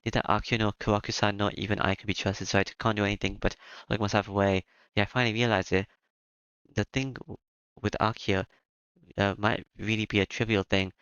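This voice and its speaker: A man reading a visual novel aloud as its narrator, with a halting delivery and small fillers. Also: on the low side, little pitch movement, a bit bright, clear, resonant tone, no room sound. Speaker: game narrator. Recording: dull lo-fi with music behind.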